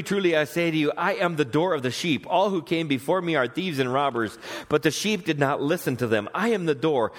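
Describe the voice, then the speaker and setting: Man preaching a conversational sermon. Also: on the high side. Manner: conversational preaching, quotes scripture, asks the congregation questions. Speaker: pastor. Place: church sanctuary.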